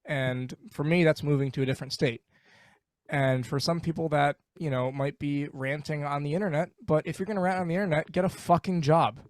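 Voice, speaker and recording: A man ranting emphatically in a casual podcast chat, animated and swearing. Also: fairly high pitch, a little fast, no room sound, clean studio sound. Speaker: podcast guest.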